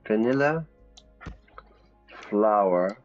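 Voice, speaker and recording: A male English teacher on a live stream, explaining words in a lively way and thinking out loud as he plays a game. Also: lowish voice, very slow. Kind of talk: live-stream lesson while playing a game. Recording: slightly dull, faint music.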